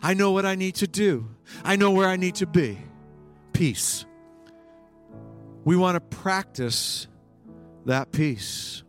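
A male pastor preaching a sermon, swinging between hushed lines and emphatic bursts. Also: high-pitched, slow, long pauses, faint music behind.

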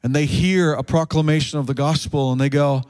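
Earnest higher-voiced male pastor preaching. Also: steady tone, a little fast, darkish tone, smooth. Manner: earnest, emphatic preaching that climbs in pitch on key points. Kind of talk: sermon.

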